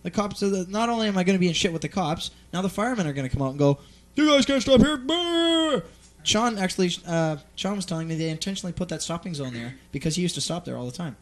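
A man's voice: on the high side, racing, few pauses. A man hosting a show, telling a long story in casual chat, rambling, swearing freely and using plenty of fillers. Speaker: host.

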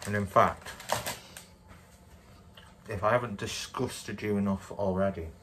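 A man casually reviewing food to camera from a home kitchen, in a relaxed, dry and self-mocking way. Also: lowish voice, a little slow, slight background noise. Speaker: food vlogger.

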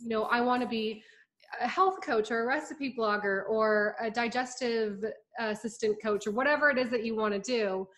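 A woman hosting a casual conversation, talking in a relaxed way with fillers and agreement sounds. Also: fairly high pitch, moderate pace. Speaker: host.

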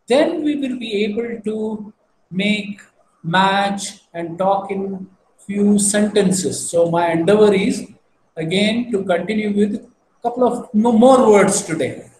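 A man's voice: high voice, a little mellow. A man giving a language lesson, patiently repeating each word and spelling it out. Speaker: language teacher. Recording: roomy echo, faint background hum.

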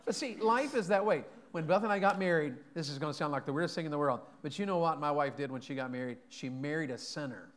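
A man's voice: a little high, fast talker, few pauses, a little hiss or hum. A man preaching a sermon in a church, folksy and joking, often asking the congregation questions. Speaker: pastor. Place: church sanctuary.

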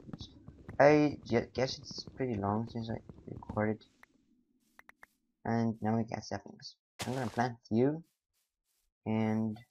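A young man whose first language is not English, rambling through casual let's play commentary with sudden loud, silly outbursts. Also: mid-range voice, highs cut off, a little hiss or hum. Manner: rambling, excitable, bursts of loud silly exclamations. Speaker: gamer.

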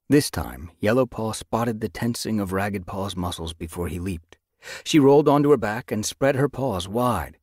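A man narrating a children's animal novel as an audiobook, with expressive storytelling. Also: on the low side, normal speed, husky, no echo, studio quality. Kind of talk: scripted narration.

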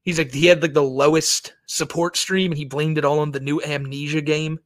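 A man's voice: on the high side, level tone, fairly quick, no room sound. A man co-hosting a stream show in casual banter, rambling and swearing, often restarting his sentences. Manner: rambling, profane, restarts a lot. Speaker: co-host of a parody stream show.

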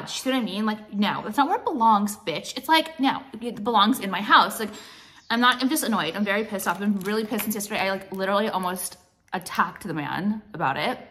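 A woman's voice: medium pitch, a bit bright. Blunt, chatty woman vlogging. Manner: blunt, profane, rambling with many fillers. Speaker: vlogger and jewelry brand owner. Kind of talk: casual chatty vlog.

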